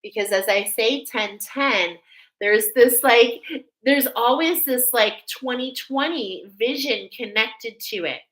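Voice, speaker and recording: A woman's voice: on the high side, slow, a bit bright, low-quality recording. A woman doing a live spiritual oracle card reading, effusive and exclaiming, often breaking into laughter. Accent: American. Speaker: tarot and oracle card reader.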